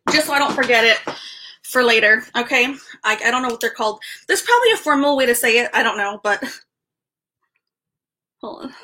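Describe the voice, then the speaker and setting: A young woman hosting a casual live stream, excited and rambling, stumbling over restarts and fillers as she chats with viewers. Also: on the high side, moderate pace, pauses often, slight background noise. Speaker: livestream host.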